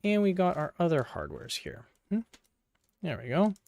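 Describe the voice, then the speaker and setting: A man's voice: on the high side, huge pitch swings, moderate pace, gravelly, darkish tone. A man giving casual, playful running commentary while he works, joking with viewers and talking to himself. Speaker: PC hardware video creator.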